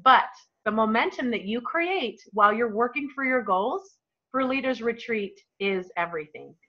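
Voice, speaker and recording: A woman's voice: a little high, expressive, moderate pace. A woman in her thirties leading a team call, giving an emphatic, emotional motivational talk. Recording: dull lo-fi call audio.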